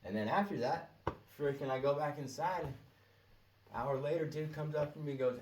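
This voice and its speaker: A man's voice: medium pitch, lively intonation, measured pace, long pauses, darkish tone, recorded from a distance, slight background noise. A man telling stories in a laid-back, slangy way and laughing often. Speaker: storyteller. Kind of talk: casual storytelling monologue. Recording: echoey room, off-mic, faint ambience.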